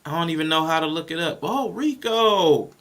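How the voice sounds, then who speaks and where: A man co-hosting a casual panel podcast, reading Bible verses aloud and walking through his points in an animated way. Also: on the high side, normal speed. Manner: animated, reads scripture aloud and explains it. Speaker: podcast co-host.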